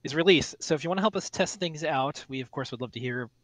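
A man's voice: fairly high pitch, quick pace, no echo, rough recording. A man co-hosting an online meeting, chatting through community news in a rambling way. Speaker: co-host. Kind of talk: casual community news chat.

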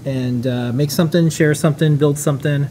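A man hosts a live stream in an easygoing, rambling way, his tone dark and mellow. His chat is informal. A faint hum of noise sits behind his voice. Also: fairly high pitch, fairly even intonation, fairly quick, rough recording. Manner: laid-back, rambling, informal. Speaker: host.

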